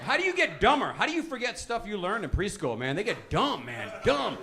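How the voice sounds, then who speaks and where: Animated, high-pitched middle-aged comedian. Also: male voice, brisk, noisy background. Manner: animated, emphatic, repeats "listen" to hold the crowd. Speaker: stand-up comedian. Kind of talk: stand-up comedy set. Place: comedy club stage. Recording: live club with crowd laughter. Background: audience laughing and reacting.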